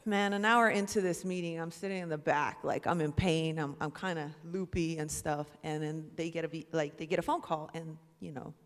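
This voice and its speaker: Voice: mid-range voice, normal speed, few pauses. An airman sits on an award panel on stage and tells a funny personal story, slipping into the voices of others along the way. Each line rings out with the long reverb of a large hall. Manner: lively storytelling with acted-out quotes. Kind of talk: humorous personal anecdote. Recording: reverberant auditorium.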